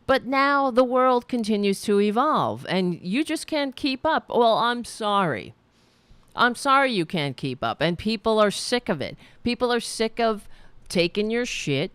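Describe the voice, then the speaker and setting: A woman's voice: a little high, very animated, unhurried, a bit bright, clear, resonant tone, dry recording. A woman hosting a talk show, speaking bluntly and swearing freely, rambling with restarts. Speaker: podcast host. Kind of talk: casual opinion talk.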